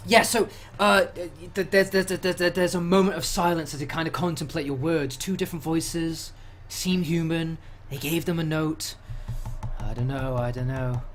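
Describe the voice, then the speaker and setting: A man's voice: fairly high pitch, fairly even intonation, moderate pace, a bit bright. Brief: rambling man running a tabletop session, many restarts. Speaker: game master. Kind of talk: narrating a tabletop game.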